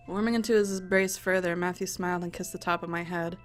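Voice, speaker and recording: Her mid-range voice runs a little fast with hardly any pauses as this young let's play host reads a visual novel aloud. She cuts in expressively with crude jokes, and faint music plays in the background.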